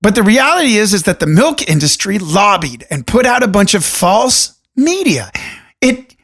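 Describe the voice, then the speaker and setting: Gravelly animated man on a podcast. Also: high voice. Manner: animated, jokey, rambling asides; deliberate radio voice. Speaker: podcast host. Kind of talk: solo podcast monologue. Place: room alone. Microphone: studio microphone.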